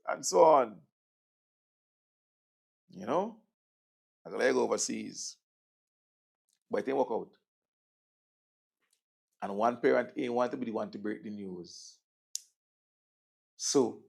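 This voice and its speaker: A man with a Vincentian accent hosting a political talk show, sardonic and conversational, swinging between loud jabs and murmured asides. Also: medium pitch, gravelly. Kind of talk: political commentary.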